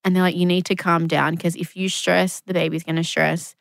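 A woman's voice: on the low side, fairly quick, vocal fry, no echo. Woman, 30s, chatty guest storyteller, acts out quotes, dry close mic. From Australia. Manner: animated storyteller, acts out quotes, swears casually. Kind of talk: casual storytelling interview.

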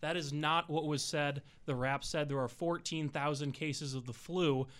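A man's voice: fairly high pitch, steady tone, normal speed, a bit bright. A man from the station newsroom, setting a news report straight on air in a matter-of-fact way. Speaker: newsroom staffer.

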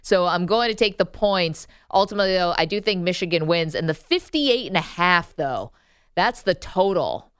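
A woman hosting a casual sports show in a studio, lively and often laughing. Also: fairly low pitch, moderate pace, clear, resonant tone, no room sound.

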